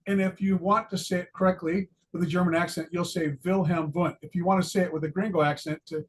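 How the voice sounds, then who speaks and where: Chatty retired man teaching psychology. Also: sits high. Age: older. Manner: chatty, self-deprecating, many fillers and restarts. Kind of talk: casual lecture video.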